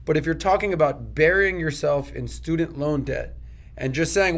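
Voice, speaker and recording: Gravelly higher-voiced young man on a podcast. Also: moderate pace. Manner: animated, slips into put-on voices. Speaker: podcast co-host. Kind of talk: casual podcast discussion.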